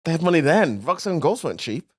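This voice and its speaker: A young man with a Birmingham accent, chatting on a podcast as a comedian. He teases playfully, and his voice sits a bit high. The pitch moves all over the place. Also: sing-song, fast talker, husky. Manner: playful, teasing. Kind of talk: casual podcast chat.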